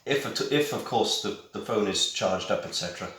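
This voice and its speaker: A man's voice: fairly low pitch, animated, normal speed, fairly bright tone. Chatty British man in an echoey room. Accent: British English. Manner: chatty, self-mocking, wisecracking asides. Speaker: tech vlogger. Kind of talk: casual unboxing chat. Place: small room at home. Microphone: camera mic.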